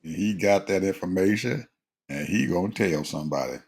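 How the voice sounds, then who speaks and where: A man's voice: low-pitched, expressive, a little fast, a little mellow, husky. A man in casual conversation who speaks emphatically, like a preacher, and addresses listeners as folks.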